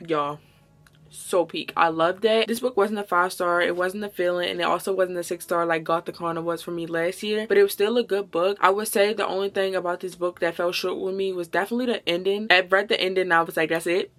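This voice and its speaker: Teen girl, casual book vlogger, slightly low pitch, rushes her words. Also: fairly even intonation, fairly bright tone. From Baltimore, Maryland. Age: teens. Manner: chatty, talks fast and stumbles over words. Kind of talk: casual reading vlog. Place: bedroom.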